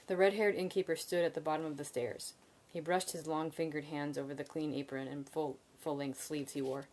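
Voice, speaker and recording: A woman with a notably low voice reads a novel aloud on a live stream. Her reading is measured and even, stumbling now and then and picking the line back up. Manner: measured, with occasional slips and restarts. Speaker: reader.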